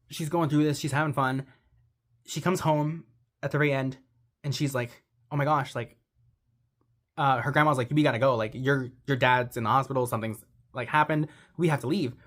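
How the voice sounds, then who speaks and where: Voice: mid-range voice, a bit bright. Young person gushing about a movie, says like a million times, super sentimental. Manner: rambling, heavy use of "like". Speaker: movie reviewer. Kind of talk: casual movie recap.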